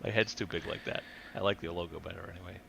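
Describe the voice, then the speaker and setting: A man's voice: low voice, steady tone, quick pace, gravelly, fairly bright tone, a little hiss or hum. A man hosting a casual podcast chat, joking and laughing often. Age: adult with a wife. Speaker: podcast host.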